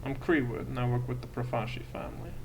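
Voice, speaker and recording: Gruff foul-mouthed mob boss guy, a man putting him on for a tabletop game, mid-pitched, talks over a lot of background hiss. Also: quick pace, lightly acted. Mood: calm assurance. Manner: gruff, swears freely. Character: tough male crime-family boss, blunt and profane. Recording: noisy home recording.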